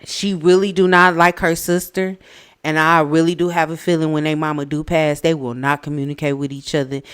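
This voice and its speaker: A woman's voice: low-pitched, fairly quick, clear, resonant tone. Blunt, ranting woman podcast host. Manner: blunt, opinionated, animated ranting. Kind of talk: casual reality TV recap chat.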